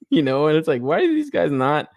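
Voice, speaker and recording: Swearing, animated male toy podcaster. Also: moderate pace, gravelly, no echo, studio quality. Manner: animated, swears a lot, laughs often, rants with rising pitch. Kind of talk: casual review chat.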